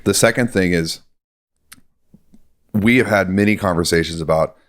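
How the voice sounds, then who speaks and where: Deep-voiced host laying out points. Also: male voice, normal speed. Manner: calm, organized, lists points in order. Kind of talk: reflective interview commentary.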